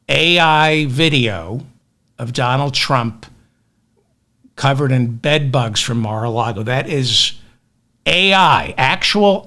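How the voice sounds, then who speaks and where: A man's voice: fairly high pitch, sharp tone. A man hosting a comedic news podcast, ranting with sarcastic, self-deprecating asides. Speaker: podcast host.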